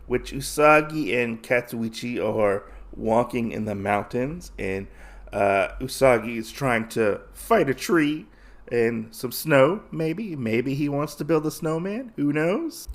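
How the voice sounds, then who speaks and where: A man's voice: mid-range voice, expressive, slow. Rambling man retelling a comic. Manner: rambling, filler-heavy storytelling. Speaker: podcast host. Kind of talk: casual comic recap.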